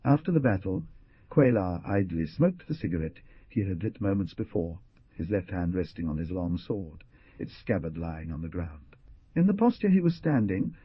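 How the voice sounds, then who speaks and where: A man's voice: low voice, very animated, normal speed, slightly rough, no room sound, muffled recording. A man narrating an adventure audiobook with dramatic rises and falls. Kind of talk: scripted narration.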